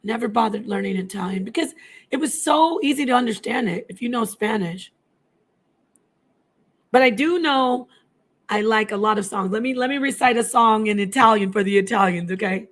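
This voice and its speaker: A woman in middle age talks casually to her live-stream viewers, her voice sitting a little higher than most. She is chatty and jumps between languages as she answers comments. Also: normal speed. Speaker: livestream host.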